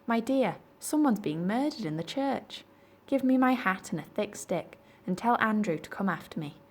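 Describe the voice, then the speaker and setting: A woman's voice: sits low, fairly quick. A woman voicing a flustered, fussy elderly male vicar in a storybook reading. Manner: excitable, fussy and proper.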